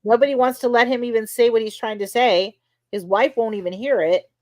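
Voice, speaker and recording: A woman's voice: a little high, fairly quick, a little mellow, dry recording. A woman hosting a podcast, casually recounting courtroom testimony in a conversational way, with lots of "you know" and "like.". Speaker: podcast host. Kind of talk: casual recap of trial testimony.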